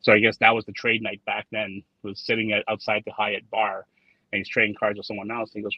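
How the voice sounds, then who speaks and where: This man's voice is fairly low, husky and fast, with a flat delivery. He's a trading card designer being interviewed casually, rambling, repeating words and telling stories full of quoted dialogue, captured in a dry, dull lo-fi recording.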